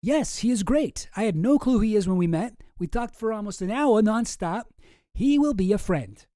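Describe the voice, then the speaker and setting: A man's voice: sits high, expressive, moderate pace, mellow, no room sound, studio quality, pitched above the performer's own voice. A man putting on a campy, vampire-like Russian accent to read out another man's emails. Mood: mock-sinister.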